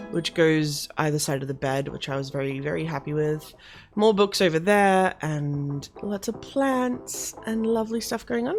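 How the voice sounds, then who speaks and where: Woman, gaming creator, casual commentary; low-set, very expressive voice; giggly, rambly, self-correcting. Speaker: video game creator showing a house build.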